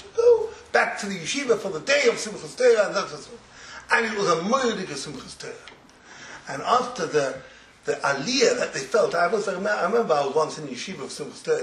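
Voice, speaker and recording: A man who teaches religious students, giving an informal Torah talk as an animated storyteller who laughs through his words and drops in Yiddish phrases. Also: high voice, slight background noise. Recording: roomy echo, faint ambience.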